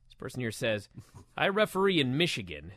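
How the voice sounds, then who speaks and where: A man co-hosting a casual wrestling talk show, reading listener comments aloud in an animated, mock-outraged way. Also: mid-range voice, fairly quick, no room sound, clean studio sound.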